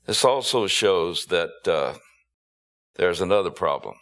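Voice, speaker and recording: A man preaching a sermon, emphatic, with rhetorical questions and drawn-out stressed words. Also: low-pitched, lively intonation, fairly bright tone.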